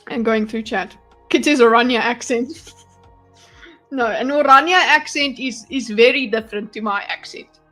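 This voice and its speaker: A woman's voice: a little high, moderate pace. South African woman streaming from home. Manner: chatty, animated, swears and laughs often. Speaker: streamer reading chat. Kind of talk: casual live-stream commentary. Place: her home. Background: faint music.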